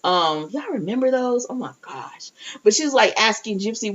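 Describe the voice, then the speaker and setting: A chatty woman recaps a TV episode for her viewers, and her pitch swings widely as she goes. She talks straight to the audience and keeps restarting her sentences. The audio is dull and lo-fi. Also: expressive, normal speed, a bit bright. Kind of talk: casual recap and review.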